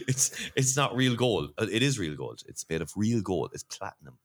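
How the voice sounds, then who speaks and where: A man's voice: on the low side, huge pitch swings, a little fast, hardly any pauses, sharp tone. An Irish man hosting a podcast in casual chat, rambling and laughing often. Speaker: podcast host.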